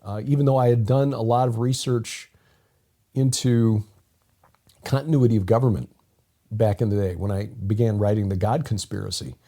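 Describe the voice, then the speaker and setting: A man's voice: on the low side, fairly even intonation, moderate pace, mellow. Rambling man co-hosting a talk show. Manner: rambling, with frequent restarts. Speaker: podcast co-host. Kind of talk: casual conversational commentary.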